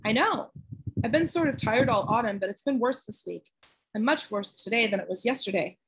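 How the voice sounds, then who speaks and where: Woman doing a frail little boy, storybook reading, raised breathy voice, quiet and earnest, winded. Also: on the high side, expressive, a little fast, exaggerated voice, poor audio. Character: small frail boy, calm and perceptive.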